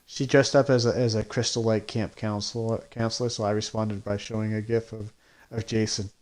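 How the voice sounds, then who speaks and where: A man's voice: lowish voice, little pitch movement, brisk, a little mellow. A man who makes independent comics, chatting casually on a podcast in a hesitant, rambling way with many restarts.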